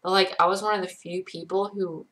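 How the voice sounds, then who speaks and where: A woman's voice: fairly low pitch, flat delivery, fairly quick, a bit bright. A woman in her twenties from Georgia, with a light accent that has little Southern to it, chatting casually on a livestream and answering viewer questions in a rambling way. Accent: light Connecticut-tinged American, little Southern. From Georgia, USA. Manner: chatty, rambling, many likes and ums. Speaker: livestream host. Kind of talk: casual live chat reading viewer questions.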